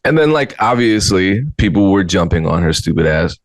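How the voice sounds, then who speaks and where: A man with a low voice hosts a casual podcast. He sounds blunt and exasperated, and he mocks now and then. The sound is dry and close, with no room echo. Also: sing-song, normal speed. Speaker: podcast host. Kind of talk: casual commentary.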